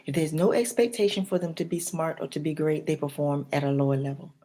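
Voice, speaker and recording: A woman, a life and health coach, giving a motivational talk straight to the viewer in a preacher-like way, dropping to whispers and rising to loud emphasis. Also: deep voice, steady tone, quick pace. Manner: addresses the viewer directly.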